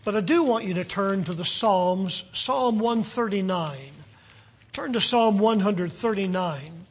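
A man preaches a sermon, reading scripture slowly and deliberately and rising loudly on key phrases. His voice sits high with a husky quality.

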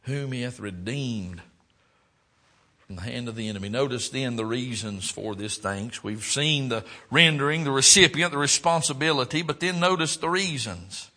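A man preaching a sermon, swinging between loud, fervent exclaiming and quiet, low reflection. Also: normal speed.

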